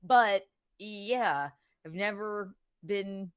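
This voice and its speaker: A woman's voice: medium pitch, extremely slow, clear, resonant tone, no room sound. A woman in heated casual podcast chat, retelling a story in a profane, defensive and rambling way.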